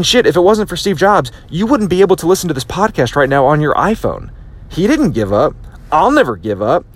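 A man delivers a motivational podcast talk, his fairly high voice swooping widely as he pushes his point. He stumbles into restarts and repeats words, then jumps into acted-out quotes. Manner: animated, repetitive restarts, acts out quotes. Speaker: podcast host.

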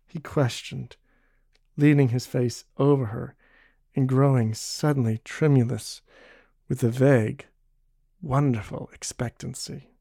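A man narrating a novel in a steady, measured storytelling read. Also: medium pitch, gravelly, dry recording, clean studio sound. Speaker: audiobook narrator.

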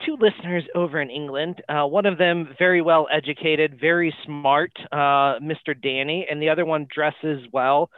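A man's voice: a little high, steady tone, moderate pace, few pauses, clean tone, no echo. A man co-hosting a casual sports podcast, teasing the others with dry jokes. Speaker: podcast co-host. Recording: dry, tinny phone-like line.

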